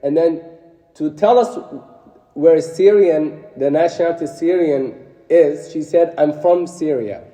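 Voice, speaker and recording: A man's voice: fairly high pitch, measured pace, mellow, echoey room, big-room sound. A man explaining an Arabic textbook lesson, reading each line and then translating it. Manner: reads Arabic lines then translates them. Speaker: Arabic teacher.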